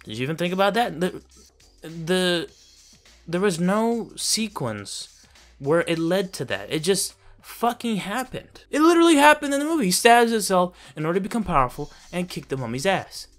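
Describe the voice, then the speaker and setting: A man's voice: sits high, animated, normal speed, fairly bright tone, faint music behind. A man giving a casual, profane and sarcastic review of a film he finds ridiculous, laughing as he rants. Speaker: movie reviewer. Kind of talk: casual ranting movie review.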